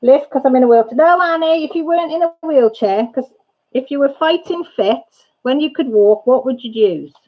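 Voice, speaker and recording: The recording is muffled, and the host's voice sits high at a normal speed. She runs a casual crafting livestream from her home, chatting in a rambling manner and often breaking off before finishing a thought.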